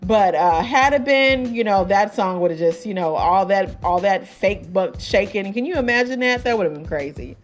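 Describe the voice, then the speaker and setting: A woman talks through an album review like a podcast host among friends. Her talk wanders with fillers and quick asides, at a middling pitch, with faint music underneath. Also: animated. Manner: chatty, many fillers and asides, laughs at her own jokes. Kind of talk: casual album review chat.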